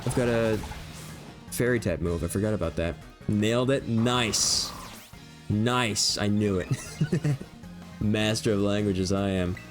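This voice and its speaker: A man's voice: lowish voice, takes it slowly, long pauses, faint music behind. A young man streaming a video game, rambling and joking in a casual running commentary and laughing easily.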